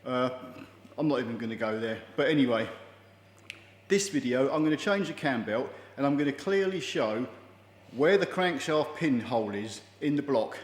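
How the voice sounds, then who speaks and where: A man's voice: mid-range voice, lively intonation, normal speed. A man talking casually and jokily as he works on a car engine in his garage. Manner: chatty, jokey, self-deprecating. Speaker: mechanic vlogger. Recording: echoey room with long reverb.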